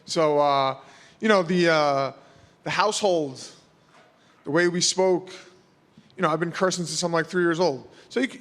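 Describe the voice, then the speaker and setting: A man's voice: fairly high pitch, a bit bright, big-room sound. A man, answering press questions in a casual, rambling way full of fillers. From New York. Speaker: fighter.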